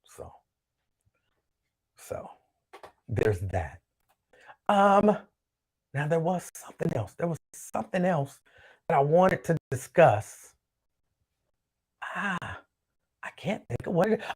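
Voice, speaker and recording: A man's voice: fairly high pitch, very animated, slow pace, long pauses, husky. Man rambling casually as a show host. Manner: loose, rambling, repeats himself. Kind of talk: casual solo chat reading viewer comments.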